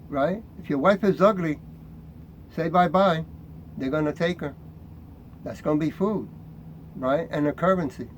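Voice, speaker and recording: A middle-aged man preaching and reading scripture, fiery and confrontational, reading verses slowly and deliberately, often tagging his points with "right?". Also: a little high, a little hiss or hum, rough recording.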